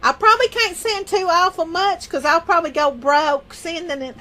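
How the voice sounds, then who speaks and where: A woman's voice: very high voice, moderate pace, bright, forceful tone. A woman chatting casually with viewers on a livestream from home, rambling and folksy. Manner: rambling, folksy, laughs often. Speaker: livestream host.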